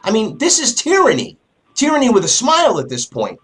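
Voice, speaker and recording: A man's voice: sits high, huge pitch swings, fairly quick, fairly bright tone, breathy edge. A man hosting a talk show interview, speaking in an impassioned, emphatic way. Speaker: host.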